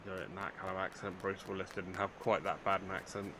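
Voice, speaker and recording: A man's voice: low-pitched, steady tone, fast talker, few pauses, background noise. An older man, chatting casually through a let's play, joking at his own expense. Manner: chatty, self-mocking, dry humour, talks to game characters. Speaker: gaming channel host.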